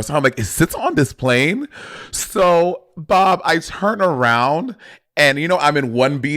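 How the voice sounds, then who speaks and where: A man's voice: medium pitch, no room sound, studio quality. A man co-hosting a podcast, telling a story in casual chat and acting out the dialogue, swearing freely. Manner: animated storyteller who acts out quoted dialogue. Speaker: podcast co-host.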